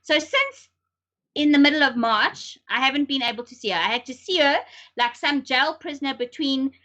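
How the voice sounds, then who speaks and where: A woman's voice: high voice, normal speed, highs cut off. A middle-aged woman chatting emphatically as a podcast co-host. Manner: emphatic, animated, sometimes laughing nervously. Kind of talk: casual chat.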